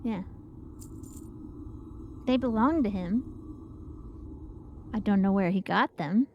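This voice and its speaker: A woman's voice: mid-range voice, takes it slowly, highs cut off, slight background noise. A woman chatting casually during a group game session, explaining things at length and laughing often. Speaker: gaming group member. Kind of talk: casual chat while gaming.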